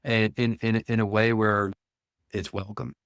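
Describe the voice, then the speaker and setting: A man, a men's coach, speaking earnestly and deliberately as a guest in an interview. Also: on the low side, flat delivery, fairly bright tone, clear, resonant tone, no room sound, clean studio sound. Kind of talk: reflective interview talk.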